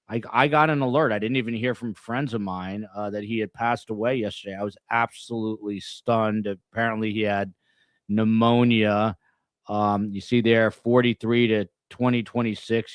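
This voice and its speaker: A man hosting a podcast in casual chat, talking in halting, rambling bursts with many restarts. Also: mid-range voice, clean tone, no echo, clean studio sound. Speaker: podcast host.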